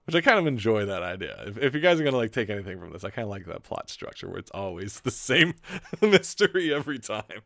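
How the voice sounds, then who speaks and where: A man reading comics aloud on a live stream, breaking off into loose, joking asides with a lively, up-and-down voice. The sound is close and dry, as if recorded at home. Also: fairly low pitch, fast, creaky, no room sound. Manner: chatty, rambling, joking asides.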